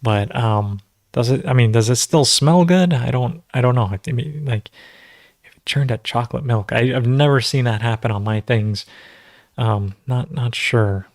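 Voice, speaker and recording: A man's voice: medium pitch, moderate pace, no echo, clean studio sound. A man hosting a casual livestream Q&A, rambling and conversational, full of fillers as he teaches natural farming.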